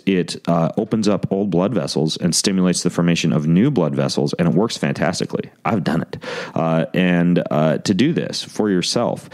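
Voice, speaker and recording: A man's voice: low voice, a little mellow. A man hosting his podcast, reading sponsor ads in a joking, rambling way. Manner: joking, rambling, self-mocking. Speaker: podcast host. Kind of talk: casual ad read.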